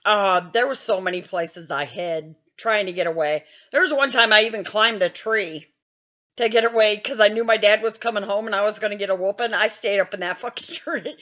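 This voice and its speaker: A woman's voice: mid-range voice, fairly quick, fairly bright tone, dull audio. A woman in her fifties telling a story in a casual, blunt way, laughing often and swearing freely. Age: 50s. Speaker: gaming channel host.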